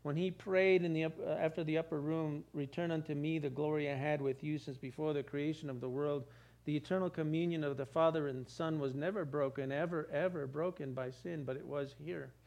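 A man's voice: on the high side, steady tone, a little fast, a little mellow. A man preaching a sermon as pastor, driving points home with repeated phrases. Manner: preaching with rising emphasis and repetition.

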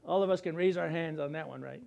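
A man's voice: a little high, fast, vocal fry, a little mellow, lo-fi sound. A man preaching a conversational sermon, breaking into acted-out voices and chuckles. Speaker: pastor.

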